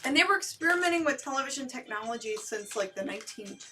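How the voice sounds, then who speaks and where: A woman's voice: high-pitched, expressive, fast talker, far from the mic, music in the background, rough recording. A woman co-hosting a late-night movie show, chatting in an upbeat way with many fillers. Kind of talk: casual co-host chat.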